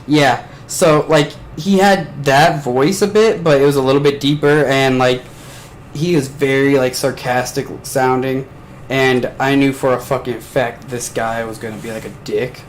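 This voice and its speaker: A man's voice: medium pitch, fairly even intonation, measured pace, slight background noise, rough recording. A man hosting a podcast, telling a rambling story in casual chat with lots of swearing, from his bedroom. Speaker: podcast host. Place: bedroom at home.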